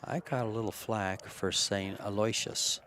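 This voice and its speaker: Brief: easygoing male co-commentator, low-pitched, laughs often, faint room noise. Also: normal speed. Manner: relaxed, chuckling, storytelling. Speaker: pool commentator. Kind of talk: live sports commentary, chatty.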